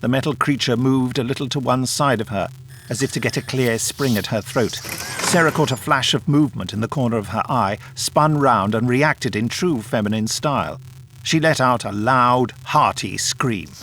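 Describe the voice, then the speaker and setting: A man reading a science fiction audiobook in a measured, even storytelling voice. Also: mid-range voice, slight background noise. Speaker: audiobook narrator. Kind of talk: scripted audiobook narration.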